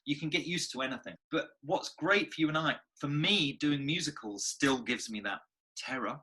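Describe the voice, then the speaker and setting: A man, an actor and guest on the show, telling stories in a lively, expressive way. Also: mid-range voice. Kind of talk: animated conversational storytelling.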